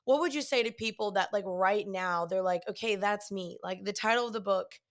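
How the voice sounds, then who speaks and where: A woman's voice: mid-range voice, fairly quick. A woman hosting a podcast, talking in a chatty way with lots of "like" fillers. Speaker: podcast host. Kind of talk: casual interview conversation.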